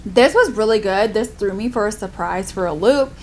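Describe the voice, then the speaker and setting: A woman's voice: medium pitch, animated, moderate pace, darkish tone, slight background noise. A young adult woman chatting casually in a book review vlog, filling her talk with "like". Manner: chatty, lots of "like" fillers. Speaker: book vlogger.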